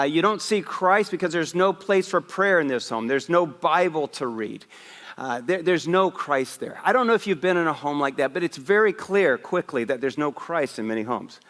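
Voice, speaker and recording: A man preaching a Christmas Eve sermon as a pastor, telling a lively personal story with asides. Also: fairly high pitch, long reverb tail. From West Africa. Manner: animated storyteller, raising his voice for punchlines. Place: church sanctuary.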